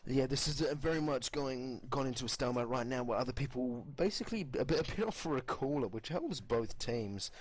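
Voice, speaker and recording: A man's voice: medium pitch, animated, brisk, few pauses, a little hiss or hum. An Australian man giving casual color commentary on a video game match. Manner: casual, chatty analysis. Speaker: esports co-caster.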